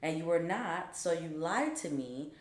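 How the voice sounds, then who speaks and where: A woman's voice: a little high, little pitch movement, a little fast, roomy sound, close to an everyday voice. A young woman quoting a stern female dean. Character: stern female college dean, calm and firm.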